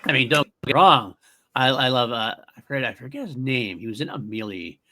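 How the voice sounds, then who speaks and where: Male podcast co-host, bright tone, animated rambling chat. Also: mid-range voice, a little fast. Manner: rambling, animated, self-correcting.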